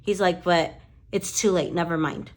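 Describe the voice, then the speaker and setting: A woman's voice: fairly low pitch, steady tone, normal speed. A woman lash artist telling a story in casual chat, swearing freely and quoting conversations with "I'm like".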